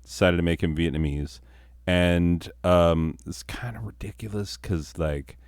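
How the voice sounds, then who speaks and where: A man's voice: low-pitched, measured pace, darkish tone, smooth, no room sound. A man telling a comic story with rambling, self-mocking asides. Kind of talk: comedic storytelling.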